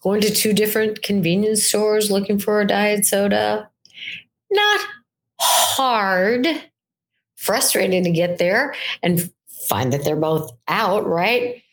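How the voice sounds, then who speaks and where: An older woman works as a weight-loss coach, giving a solo talk on mindset. She is conversational and animated, speaking a little slowly in a mid-range voice and often checking in with the listener by asking "right?".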